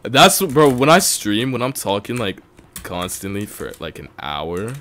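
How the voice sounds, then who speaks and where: A man streaming a video game and chatting with viewers, excitable and quick to yell, his voice a little strained from talking for so long. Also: lowish voice, a little hiss or hum. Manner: excitable, breaks into yelling and laughing bursts. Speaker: streamer host. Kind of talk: casual gaming livestream commentary.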